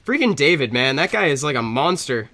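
A man's voice: mid-range voice, sing-song, brisk, pushed and bright, a little hiss or hum. A young man with a stuffy nose from a cold, giving casual gameplay commentary and chatting at the game and other players.

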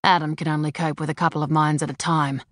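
A woman's voice: low-pitched, flat delivery, fast talker, no echo, lightly acted. A woman voicing a curt, practical male partner who talks in a dry, matter-of-fact way in an audiobook. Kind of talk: audiobook character voice.

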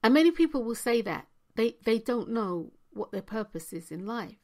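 A woman's voice: a little high, very animated, normal speed, a little mellow. A woman giving a motivational talk to her viewers, repeating key phrases with emphasis and sometimes dropping almost to a whisper. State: hiccuping. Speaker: spiritual coach.

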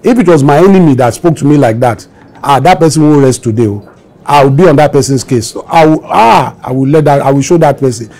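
A man's voice: fairly high pitch, brisk, a little mellow. A Nigerian man in his fifties, telling stories in an interview and acting out the voices of the people he quotes. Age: 22 in 1984, now 50s. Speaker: musician interviewee. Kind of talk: storytelling interview.

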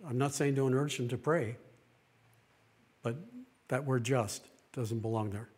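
A middle-aged man, a pastor, giving a plain-spoken sermon-style talk, earnest, with pauses and restarts. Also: medium pitch, fairly even intonation, darkish tone, slightly rough.

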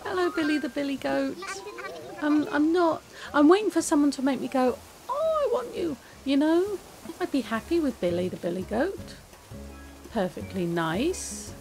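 A woman chatting casually while playing a game, with many restarts and a soft, hesitant way of talking. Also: fairly high pitch, poor audio. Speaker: gaming video creator. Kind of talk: casual gameplay commentary.

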